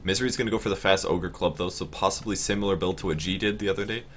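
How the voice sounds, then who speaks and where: A man casting a video game match, calling the plays quickly and getting louder on big moments. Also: sits low, slight background noise. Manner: fast, rising to excited shouts on big plays. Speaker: esports caster. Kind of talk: play-by-play game commentary.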